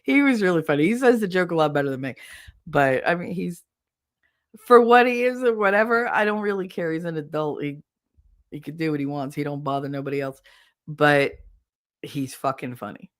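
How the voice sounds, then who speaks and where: Chatty woman host, lower voice. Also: fairly quick. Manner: chatty, laughs often, animated; swears casually. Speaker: podcast host. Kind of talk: casual solo chat.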